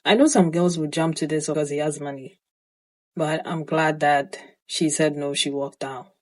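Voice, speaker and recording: Low, mellow woman giving commentary. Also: fairly even intonation, normal speed. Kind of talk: reaction commentary.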